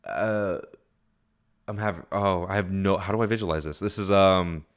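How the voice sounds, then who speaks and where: A man's voice: sits low, normal speed, smooth. A young man giving a casual read-along of a webcomic, commenting as he goes in a rambling, amused way that keeps interrupting itself. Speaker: webcomic reader.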